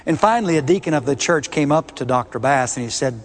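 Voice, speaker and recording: A man's voice: mid-range voice, lively intonation, quick pace, hardly any pauses, in a large hall. A man preaching a sermon, emphatic and repeating key words with rising force.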